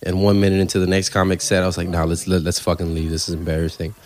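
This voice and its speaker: A man, a stand-up comedian telling stories on a podcast in a casual, animated way, swearing freely. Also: deep voice, quick pace. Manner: animated storyteller, swears freely, acts out quoted voices.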